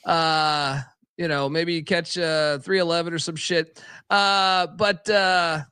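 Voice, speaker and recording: A man's voice: a little high, little pitch movement, slow pace, sharp tone, clear, resonant tone, dry recording, studio quality. A man co-hosting a sports betting podcast, rambling and profane in loose casual chat. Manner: rambling, profane, lots of fillers and restarts. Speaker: podcast co-host.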